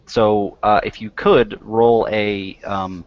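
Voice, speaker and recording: A man's voice: lowish voice, flat delivery, slow pace, dry recording. Rambling man running a tabletop game. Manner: rambling, self-interrupting, friendly asides. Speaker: game master. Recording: dry, muffled lo-fi recording.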